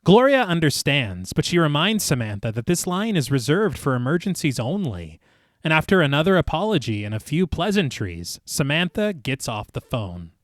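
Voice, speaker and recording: Man, podcast co-host, animated plot recap, dry close mic. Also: a little high, normal speed, dry recording. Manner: narrates plot at length, lively.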